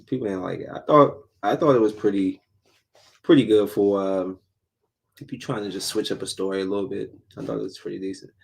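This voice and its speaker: A man with a low, gravelly voice hosts a casual solo podcast. He talks bluntly in loose slang and keeps circling back to the same points. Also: brisk. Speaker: podcast host.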